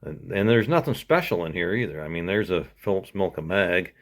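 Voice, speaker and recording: A man's voice: low-pitched, animated, fairly quick. A man hosting a casual vlog, talking in a folksy, laid-back way with chuckles. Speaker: host.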